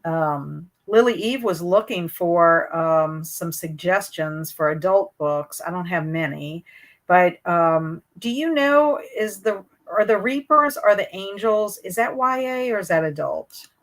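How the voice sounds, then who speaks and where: Woman, livestream book host, casual chat, hesitant, lots of fillers, slightly low voice. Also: a little slow. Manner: chatty, hesitant, many fillers and restarts. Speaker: booktube host reading live chat.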